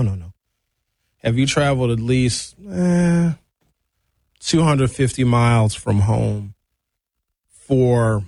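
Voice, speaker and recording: A man hosting a morning radio show, talking in a chatty, drawn-out, animated way. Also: mid-range voice, dry recording, clean studio sound. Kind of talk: casual talk-radio monologue.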